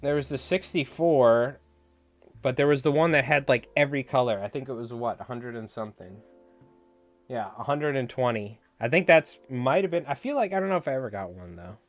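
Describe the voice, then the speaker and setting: A man chats loosely on a live fly tying stream, joking with viewers and drifting between stories. His voice sits at an ordinary middle pitch, and soft music plays beneath him. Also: animated, fairly quick. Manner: joking, rambling, talks back to chat. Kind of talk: casual live-stream chat.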